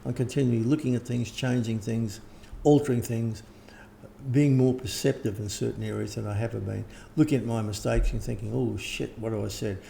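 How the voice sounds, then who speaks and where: Older man, gravelly, dark tone, rambling interview talk, faint background hiss. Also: mid-range voice, fairly even intonation, brisk. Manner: rambling, frequent restarts and throat clearing. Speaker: interviewed teacher. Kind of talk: casual conversation.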